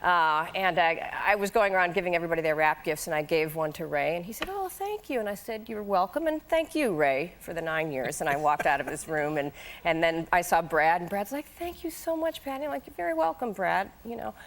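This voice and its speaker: A woman in her forties, a talk show guest, telling animated anecdotes, laughing often and jumping into high voices when she quotes people. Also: brisk.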